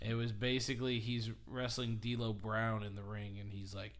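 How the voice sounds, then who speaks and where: A man hosting a podcast in casual comedic chat, an animated storyteller who acts out quoted lines and laughs often. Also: lowish voice, moderate pace. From St. Louis, USA. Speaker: podcast host.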